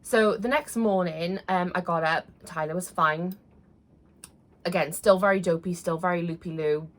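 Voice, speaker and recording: A woman in her thirties recounts a personal story straight to camera. Her voice sits a little low for a woman, and she talks earnestly and casually, often pausing on fillers and restarting her sentences. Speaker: vlogger.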